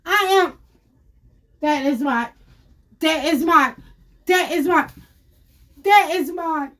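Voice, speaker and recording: A woman telling her viewers a personal story in a casual, animated way, repeating herself and calling them y'all. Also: high voice, slow pace.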